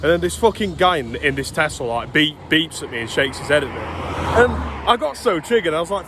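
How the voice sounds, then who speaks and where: A man's voice: a little high, big pitch swings, fairly quick, background noise. Ranting young British man on street. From Britain. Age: 20s. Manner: swearing, exasperated storytelling. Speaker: vlogger. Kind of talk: casual ranting vlog. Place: outdoors walking along a street.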